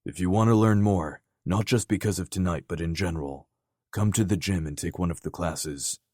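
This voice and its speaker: A male narrator playing a gruff, blunt man giving steady advice. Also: deep voice, moderate pace, no echo, clean studio sound. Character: gruff, blunt older brother.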